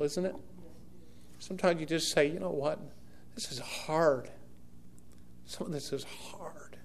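A man's voice: medium pitch, vocal fry, a little hiss or hum. Earnest preacher man. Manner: folksy, earnest, rising to loud fervent prayer. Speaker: pastor. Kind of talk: sermon with closing prayer. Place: church sanctuary.

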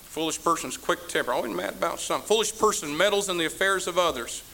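A man preaching a sermon as pastor, scolding his congregation and rising to shouts. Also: high voice, lively intonation, fast, vocal fry.

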